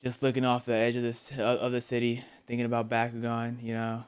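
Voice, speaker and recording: A man's voice: mid-range voice, monotone, fast, smooth. A man live-streaming his reaction to a video in casual, playful chat, often repeating words for laughs.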